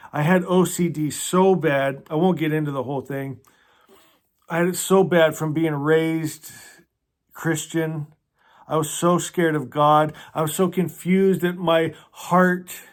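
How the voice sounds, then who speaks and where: A man hosting a casual book club, talking earnestly and emotionally, often stumbling over restarts and sinking into a soft hush. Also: on the high side. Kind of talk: casual book discussion with read-aloud passages.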